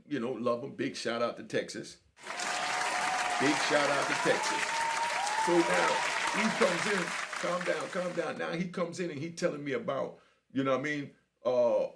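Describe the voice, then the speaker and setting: A middle-aged man spins a prison yarn in loose, slangy talk, peppered with asides to the listener. His voice has a gravelly, fried texture, and his pitch rises and falls with lively swings as he acts out the scenes. He sits at a middling pitch for a man. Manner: animated, slangy, full of asides. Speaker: storyteller, former prisoner. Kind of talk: casual storytelling.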